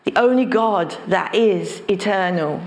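A woman's voice: medium pitch, a little slow, reverberant, a little hiss or hum. A woman pastor preaching a sermon, speaking emphatically and repeating phrases for stress.

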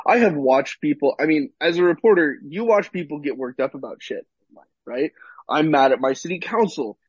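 Man, podcast co-host, husky, somewhat high voice, animated storytelling, dull dry recording. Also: normal speed, dry recording. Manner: animated storyteller, swears freely. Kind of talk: casual chat, storytelling.

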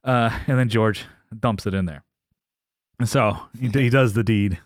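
A man co-hosts a casual podcast, animatedly recapping a sitcom episode, acting out the characters' lines in quoted voices and laughing. His mid-range voice is unhurried, and the studio-quality recording has no room sound.

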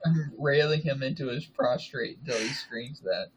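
A man's voice: medium pitch, normal speed, slight background noise, rough recording. A man joking crudely as a podcast guest, rambling with fillers and laughs. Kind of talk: casual podcast chat.

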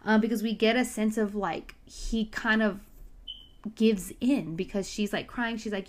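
A woman's voice: mid-range voice, steady tone, unhurried. A woman casually retelling a Bible story, chatty and full of side comments and asides.

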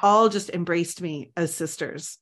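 A woman's voice: lowish voice, a little slow, a bit bright. A woman co-hosting a podcast in casual chat, earnest and heartfelt, leaning on lots of "like" fillers. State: tearful. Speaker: podcast co-host.

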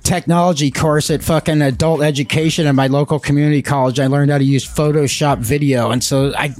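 A man's voice: a little high, fairly even intonation, fairly quick, darkish tone. Profane, rambling podcast host man. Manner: profane, rambling, laughs often. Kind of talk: casual chat.

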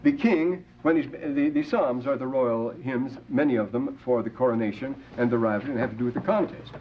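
A man's voice: mid-range voice, brisk. An older man giving a classroom lecture, digressing with asides and rhetorical questions and quoting scripture with rising emphasis. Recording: dull lo-fi classroom tape with faint hiss.

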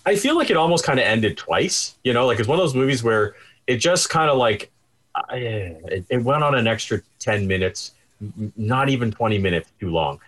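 A man's voice: medium pitch, expressive, moderate pace, fairly bright tone. A man talking casually as a podcast co-host, thoughtful and hesitant, often restarting his sentences. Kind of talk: casual chat.

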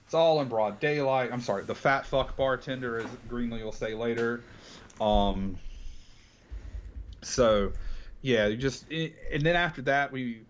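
A man's voice: medium pitch, a little slow, slight background noise. A man co-hosting a casual film podcast, retelling scenes and acting out lines. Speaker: podcast co-host.

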